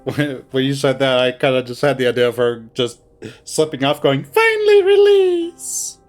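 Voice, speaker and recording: A man's voice: medium pitch, level tone, brisk. A man on an online voice call, chatting casually, rambling with laughs and swearing. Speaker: co-host playing a visual novel. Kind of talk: casual chat.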